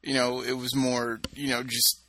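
A man's voice: medium pitch, monotone, moderate pace, pushed and bright, dry recording. A man co-hosting a casual podcast, telling self-mocking stories with lots of "you know" fillers. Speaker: podcast co-host. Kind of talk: casual chat.

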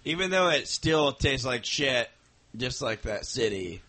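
A man's voice: mid-range voice, very animated, a little slow, bright, forceful tone. A man co-hosting a casual podcast, cracking crude jokes with mumbled asides. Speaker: podcast co-host.

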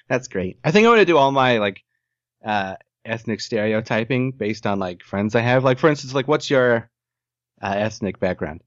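A man's voice: medium pitch, expressive, normal speed, no echo. Joking podcast man with a dull sound. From Ohio, US. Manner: rambling, jokey, swears casually. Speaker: podcast co-host. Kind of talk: casual chat.

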